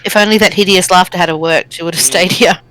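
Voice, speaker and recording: A woman's voice: on the low side, steady tone, fast talker, fairly bright tone, poor audio. A woman playing a tabletop game, thinking aloud with ums and explaining rules to the table. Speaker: player.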